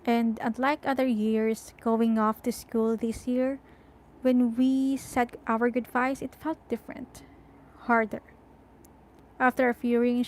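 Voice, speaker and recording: A woman reading a first-person novel aloud in a slow, deliberate way. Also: fairly high pitch, a little mellow, poor audio. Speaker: audiobook reader.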